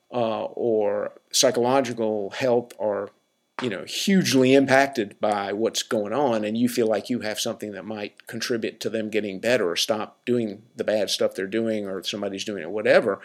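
A man hosting a podcast, giving casual advice in a rambling, blunt and wry way, full of fillers. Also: medium pitch. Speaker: podcast host.

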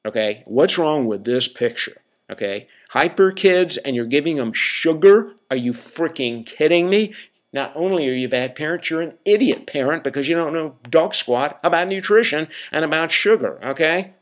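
A man's voice: on the high side, lively intonation, moderate pace. Blunt, rambling man hosting a podcast. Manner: rambling, blunt and wry, many fillers. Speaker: podcast host. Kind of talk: casual advice monologue.

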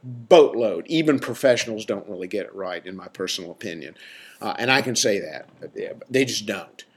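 A man's voice: on the low side, lively intonation, a little fast, a bit bright, breathy edge. A man who works in mental health, giving a casual, emphatic talk to his listeners, full of "right?" asides and mocking quoted voices. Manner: conversational, many fillers and "right?" asides. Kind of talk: casual lecture to an audience.

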